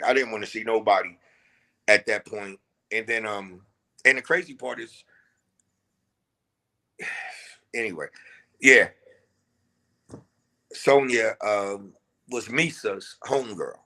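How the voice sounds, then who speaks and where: A man's voice: lowish voice, sharp tone. A man who is a guest rapper, telling his story in an interview in a reflective, laid-back way. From New York.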